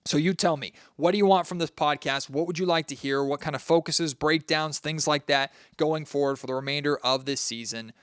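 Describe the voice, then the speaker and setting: A man's voice: on the high side, fairly quick, few pauses, clear, resonant tone, dry recording, studio quality. A man hosting a solo sports podcast, venting his frustration and talking straight to his listeners. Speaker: podcast host.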